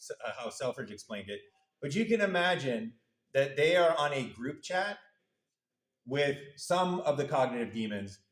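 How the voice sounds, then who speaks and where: Playful lecturer man, fairly high voice. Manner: playful, acts out little voices for demons in the model. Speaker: university lecturer. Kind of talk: casual classroom lecture. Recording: echoey room.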